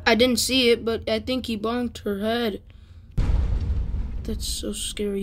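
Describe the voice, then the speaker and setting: A woman's voice: on the high side, fairly even intonation, slow pace, long pauses, slight background noise. A woman giving casual let's play commentary, exasperated and exclaiming as she complains about the game's controls. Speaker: gamer.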